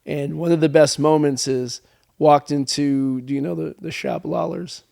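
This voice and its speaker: A man's voice: fairly high pitch, normal speed, gravelly. A man guest on a wine podcast, telling stories in a casual chat and acting out the people he quotes. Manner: animated storyteller acting out quoted dialogue. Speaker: winemaker guest.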